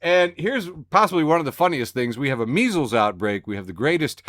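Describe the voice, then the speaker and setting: A man co-hosting a casual podcast, sarcastic and animated, often breaking into laughter. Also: fairly high pitch, brisk, a little hiss or hum. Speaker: podcast co-host reading the news. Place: home studio on a video call.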